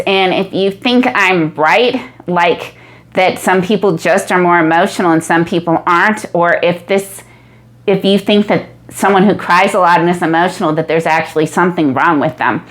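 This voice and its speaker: A woman vlogging to her camera, speaking candidly and reflectively, with frequent ums and pauses. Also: on the low side. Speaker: YouTuber. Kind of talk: casual talk to camera. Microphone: camera mic.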